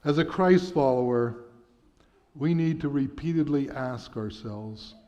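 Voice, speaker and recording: A man preaching a sermon, telling a story in an earnest, measured way in a church sanctuary. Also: mid-range voice, warm tone. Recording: dull sound with long church reverb.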